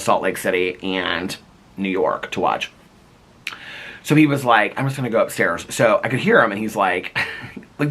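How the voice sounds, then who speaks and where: A man's voice: on the low side, bright, forceful tone, breathy edge. A man vlogging casually from home on a handheld phone, rambling with lots of fillers and frequent laughter. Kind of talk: casual chat. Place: his home, indoors.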